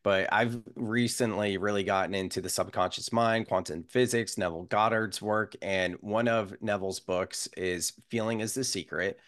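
Male interview host, low pitch, reflective and earnest, close dry mic. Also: steady tone, a bit bright, no echo. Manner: earnest and reflective, drawn-out thinking aloud. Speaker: podcast host. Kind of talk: casual interview conversation.

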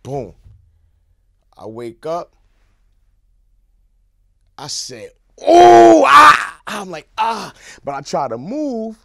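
Animated New man telling a story. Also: a little high, takes it slowly, pauses often, no room sound, clean studio sound. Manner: animated, swings from hushed to shouting. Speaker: guest. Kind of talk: casual storytelling. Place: podcast studio.

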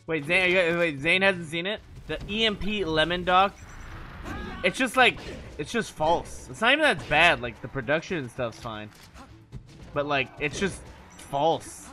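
A man's voice: fairly high pitch, unhurried, soft background music. A man chatting casually with his stream chat, cursing freely and laughing often. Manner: animated, profane, laughs often. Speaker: gaming streamer.

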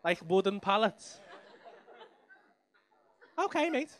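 A man's voice: sits high, big pitch swings, slow pace. A young man doing sweary, teasing crowd work on a comedy club stage. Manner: sweary, teasing banter with the audience. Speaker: stand-up comedian.

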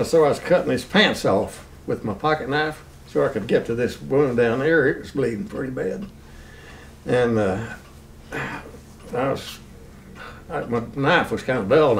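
An older man from Texas telling a war memory in an oral history interview, plain and unhurried, chuckling now and then. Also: mid-range voice, creaky, distant mic, slight background noise. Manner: plain unhurried recounting, chuckles at own story.

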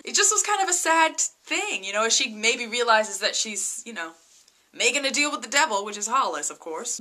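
A woman vlogger recapping a TV episode in a casual, excitable way, full of "like" and "you know". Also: a little high. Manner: chatty, lots of "like" and "you know" fillers; excitable, gushing.

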